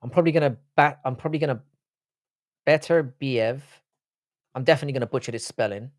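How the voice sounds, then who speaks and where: A man's voice: medium pitch, quick pace. A man with a London accent hosting a live stream, chatting casually, reading the chat aloud and trading crude banter. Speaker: livestream host.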